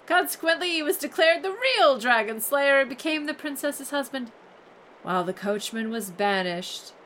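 A woman's voice: high-pitched, expressive, normal speed, fairly bright tone, a little hiss or hum. A woman reading fairy tales aloud as host, breaking off into sarcastic, mock-exasperated commentary. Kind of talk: comic storytelling reading with running commentary.

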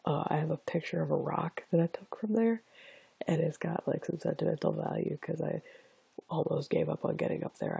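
A man with a sick, rough voice, giving a quiet, half-whispered and rambling note late at night. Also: a little high, no echo. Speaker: audio poster adding a note. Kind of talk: casual spoken note.

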